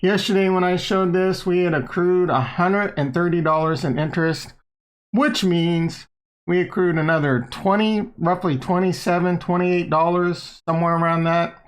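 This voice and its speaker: A man's voice: sits high, steady tone, moderate pace, clear, resonant tone. A middle-aged man hosting a casual livestream, talking in a hyped, playful, rambling way and bantering with his chat. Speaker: livestream host.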